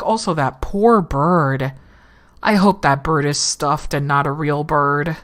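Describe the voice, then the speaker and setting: A woman's voice: low voice, takes it slowly, a bit bright. A woman giving casual commentary while playing a game, swearing freely and laughing often. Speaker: let's play gamer.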